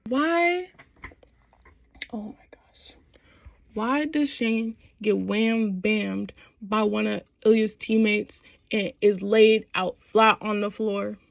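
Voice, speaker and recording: A young woman casually recapping a TV show, animated and slangy, acting out the characters' lines as she goes. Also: medium pitch, slow, vocal fry, no echo. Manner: animated, slangy retelling with quoted voices. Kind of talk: casual chat.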